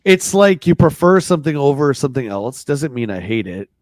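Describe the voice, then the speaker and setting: A man's voice: medium pitch, big pitch swings, a little fast, darkish tone, dry recording. A man co-hosting a casual livestream, reading a magazine aloud with sarcastic, jokey asides. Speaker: podcast co-host.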